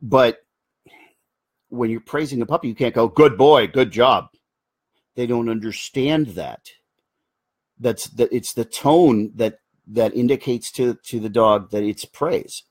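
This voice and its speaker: A man with a husky voice hosts a casual live Q&A. He explains things earnestly and often wanders into side remarks while answering viewer comments. His voice sounds dry and close. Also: mid-range voice, unhurried, no room sound. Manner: earnest, explanatory, drifts into asides and restarts. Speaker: host of a live Q&A show.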